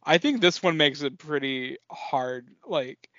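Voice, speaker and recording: A man co-hosting a casual film podcast, excitable, swearing often and trailing off mid-sentence. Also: on the high side, takes it slowly, dry recording. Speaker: podcast co-host. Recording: dull lo-fi podcast audio.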